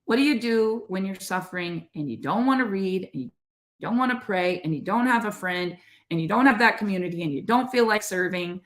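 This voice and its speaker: A woman's voice: medium pitch, lively intonation, a little fast, echoey room. A middle-aged woman co-hosting a podcast, giving an earnest, conversational motivational faith talk to her listeners. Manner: earnest, conversational, addresses listeners as "you guys". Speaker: podcast co-host.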